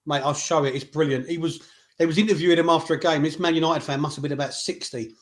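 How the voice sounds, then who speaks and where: A man's voice: on the high side, steady tone, fast. A man co-hosting a casual football chat, chatty and teasing his co-host. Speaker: podcast co-host.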